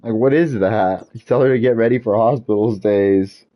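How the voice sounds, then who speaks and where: A man with a fairly low voice vents in a frustrated, repetitive rant while streaming a game, swearing mildly at a moderate pace. The recording has its highs cut off.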